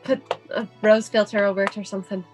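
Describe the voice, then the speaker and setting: A woman's voice: medium pitch, flat delivery, fast, music in the background. A woman playing a tabletop game, talking in a rambling, giggly way with a strained, tired voice. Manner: giggly, rambling with many likes. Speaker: player. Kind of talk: casual tabletop role-play.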